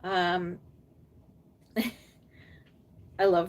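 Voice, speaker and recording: A woman's voice: medium pitch, measured pace, distant mic. Chatty older woman, a bit off-mic. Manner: chatty and rambling, with frequent fillers and laughs; drops into soft cooing baby talk at times. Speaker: reborn doll artist and collector hosting a live stream. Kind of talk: casual live-stream chat reading viewer comments.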